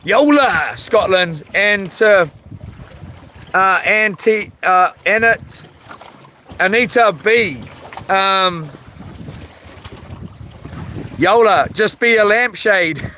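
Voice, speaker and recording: Male New Zealand live-stream host, high-pitched and slow, easygoing chat reader who gets firm when annoyed. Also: pushed and bright, slight background noise, low-quality recording. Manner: laid-back, lots of ums, chuckles, firm when annoyed.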